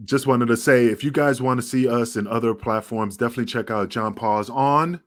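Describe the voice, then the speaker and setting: A man's voice: mid-range voice, brisk. A man with a New York accent co-hosting a podcast, talking bluntly and rambling with plenty of swearing. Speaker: podcast co-host. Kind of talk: casual podcast chat.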